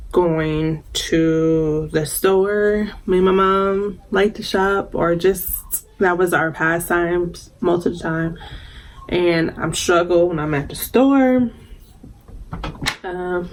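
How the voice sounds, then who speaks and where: A woman, chatting casually while doing her makeup for a vlog, soft-spoken and halting as she talks through grief. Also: fairly low pitch, vocal fry. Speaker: beauty vlogger. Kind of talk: casual get-ready-with-me chat.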